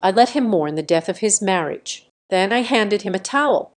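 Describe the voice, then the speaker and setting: A woman reading a dramatic first-person family story as scripted narration, in a steady reading manner. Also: mid-range voice, normal speed.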